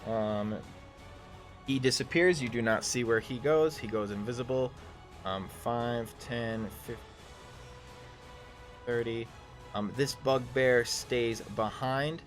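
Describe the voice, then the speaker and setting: A man narrating a live tabletop game as game master, halting often with ums and restarts. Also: mid-range voice, faint music behind.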